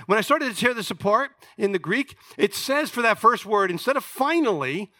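Male pastor, high bright voice, dry close sound, animated sermon with playful asides. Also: normal speed, hardly any pauses, no room sound. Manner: animated preaching with asides to the congregation.

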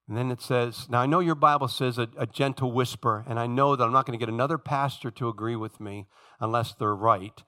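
A man preaching a sermon as pastor, dramatic, swinging from booming lines to hushed asides.

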